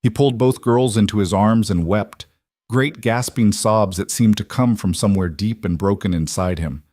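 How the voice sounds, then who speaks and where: A man narrating a romance story in a measured, dramatic way. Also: on the low side, darkish tone, no echo, clean studio sound.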